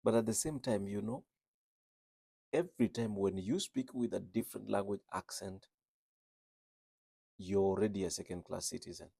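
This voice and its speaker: A man's voice: lowish voice, normal speed, gravelly, pauses often, mellow, husky, no room sound. A man working as a registered nurse, English not his first language, talking earnestly and repeating phrases for emphasis. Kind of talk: reflective talk on speaking with an accent.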